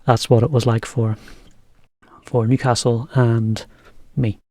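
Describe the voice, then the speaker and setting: A man giving a relaxed, chatty language lesson. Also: mid-range voice, slow pace. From England. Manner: relaxed, chatty, laughs often. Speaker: English teacher. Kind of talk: casual lesson commentary.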